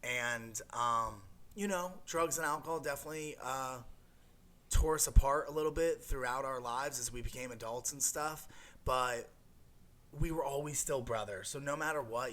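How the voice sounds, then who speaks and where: Man, young adult, bright voice, rambling personal testimony, lots of fillers. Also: medium pitch. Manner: rambling, many fillers and restarts. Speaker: guest sharing a recovery story.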